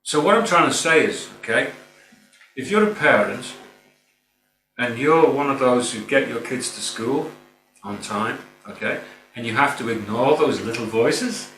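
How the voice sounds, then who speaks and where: This middle-aged spiritual speaker talks unhurriedly, his mid-range voice bright and forceful with lively intonation. The earnest, informal reflection rambles a little, full of "you know," captured from afar in a roomy space with faint hum.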